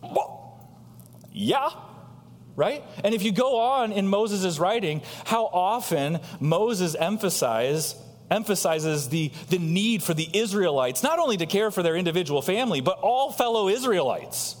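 A man preaching a sermon as pastor, asking rhetorical questions and swinging between loud high emphasis and quiet low asides. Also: expressive, unhurried, big-room sound.

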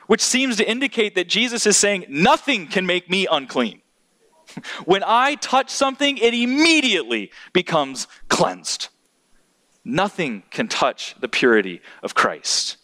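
A man preaching a sermon, swinging from high exclamations down to low, hushed emphasis. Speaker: pastor. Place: church hall.

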